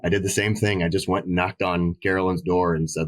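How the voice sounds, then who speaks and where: A man's voice: low-pitched, fairly even intonation, a little fast, hardly any pauses, dry recording. A man, a volleyball head coach, telling stories in casual conversation, using many "you know"s and acting out quoted voices.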